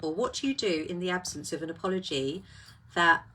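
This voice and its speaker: A woman's voice: fairly low pitch, lively intonation, fairly quick, bright, forceful tone, husky. A woman hosting a casual live talk, reflective and full of rhetorical questions.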